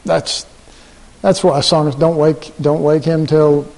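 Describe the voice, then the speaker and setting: A pastor tells a story during his sermon with animated energy, acting out the voices of the people in it. His voice is fairly high with vocal fry and a slightly slow pace, carried by long hall reverb.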